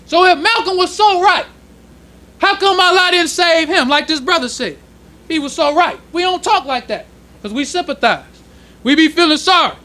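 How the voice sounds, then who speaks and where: A male minister teaching a sermon to a congregation in plain, casual speech, slowing down when he reads passages aloud. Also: very high-pitched, bright, forceful tone. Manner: preaching in casual street-level speech, slowing to read quoted passages. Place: temple congregation hall.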